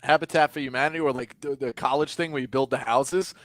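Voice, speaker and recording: A man's voice: medium pitch, steady tone, quick pace, a bit bright, dry recording, clean studio sound. A man on a casual sports podcast, telling a funny story through laughs.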